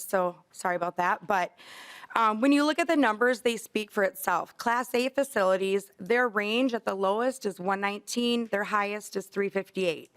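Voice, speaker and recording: A woman's voice: medium pitch, a bit bright, clear, resonant tone. A woman, a facility administrator, gives earnest, apologetic testimony to a legislative committee.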